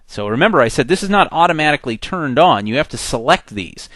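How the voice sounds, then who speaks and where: A man teaching a software tutorial in a conversational, step-by-step way. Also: fairly high pitch, animated, a little fast, few pauses, no echo. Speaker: software instructor. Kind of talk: screen-recorded tutorial.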